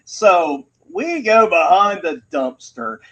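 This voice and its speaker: Husky crude man telling a wild story. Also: high voice, big pitch swings, slow, bright, forceful tone, muffled recording. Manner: crude, profane, laughs mid-story. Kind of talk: rambling personal storytelling.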